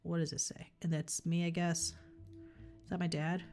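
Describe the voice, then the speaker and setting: A woman's voice: on the low side, level tone, moderate pace, a little mellow. A woman streaming a puzzle game, chatting casually and thinking aloud as she plays, with the odd offhand swear. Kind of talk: casual let's-play commentary. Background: faint game music.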